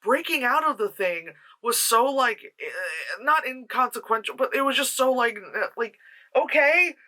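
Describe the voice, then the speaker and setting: A reviewer from the New York tri-state area rambles through a film plot with a bright, sharp-edged voice. The delivery is loose and profane, full of quick mock voices for the characters. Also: medium pitch, expressive. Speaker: movie reviewer.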